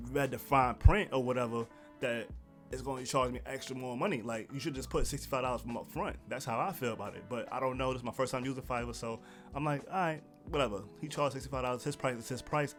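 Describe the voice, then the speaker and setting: A man vlogging seated to camera, telling a story in a casual, animated way and acting out the people he quotes. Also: medium pitch. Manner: animated, quotes others in raised voice. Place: indoors, seated at home. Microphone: camera mic, seated.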